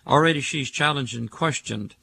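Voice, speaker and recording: A man's voice: medium pitch, normal speed, vocal fry, bright, forceful tone, a little hiss or hum. An older man hosting a call-in radio show, preaching emphatically and stacking words into rhythmic lists.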